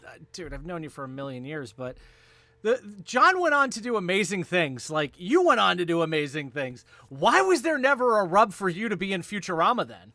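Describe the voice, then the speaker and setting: Male podcast host, high lively voice, dry close sound, enthusiastic. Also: a little fast, no room sound. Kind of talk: casual interview.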